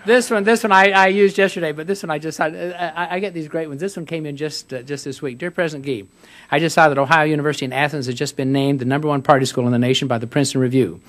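A man's voice: fairly high pitch, steady tone, fast talker, fairly bright tone. Older American man telling stories from a podium. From United States. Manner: folksy storyteller, reads letters aloud for laughs. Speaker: university president giving a speech. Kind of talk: humorous public speech at a luncheon forum. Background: audience laughter.

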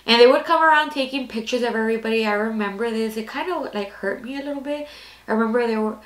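In an echoey room, a fast-talking woman in her twenties tells a personal story in a casual storytime vlog. Her voice sits on the high side, and she's rambling and candid, leaning heavily on "like" as filler.

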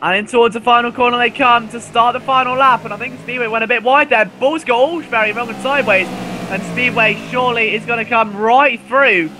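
A man commentating a live sim race, excitable and rising to near shouts at overtakes, his voice going hoarse. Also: extremely high pitch, fairly quick, slight background noise.

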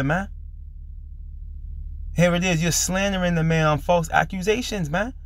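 Emphatic man preaching, slightly higher voice. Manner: emphatic, repeats "man" at line ends. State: a little under the weather. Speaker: religious commentary host. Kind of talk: preaching video commentary.

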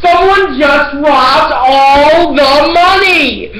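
A woman play-acting a homemade detective story, voicing every character in a playful, giggly way with sudden shouts. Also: high-pitched, very slow, low-quality recording. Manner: playful, giggly, breaks into shouts and silly voices. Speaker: performer voicing all the characters.

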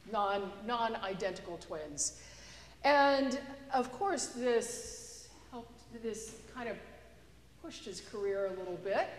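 Woman pastor in an echoey church. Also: mid-range voice. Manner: conversational, storytelling with a joke. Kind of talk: sermon. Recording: echoey church with long reverb.

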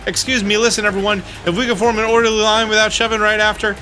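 A man's voice: high-pitched, little pitch movement, fast, sharp tone, faint music behind, voice pushed up. A man voicing a pompous, cowardly rich male merchant, speaking in a theatrical, grandiose, fussy way.

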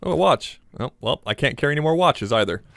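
A young man giving joking, excitable commentary while playing a survival horror game, talking to his viewers and swearing when startled. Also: a little high, fast talker. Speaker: gaming channel host.

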